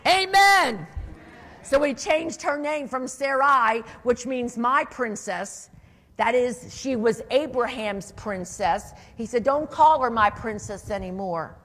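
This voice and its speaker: A woman preaching a sermon, calling out for amens and rising to loud, emphatic declarations. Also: a little high, a little slow. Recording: long hall reverb.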